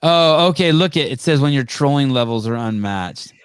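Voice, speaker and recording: A man's voice: mid-range voice, lively intonation, moderate pace, clear, resonant tone, dry recording, clean studio sound. A man hosting a podcast in casual chat, blunt and swearing freely. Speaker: podcast host.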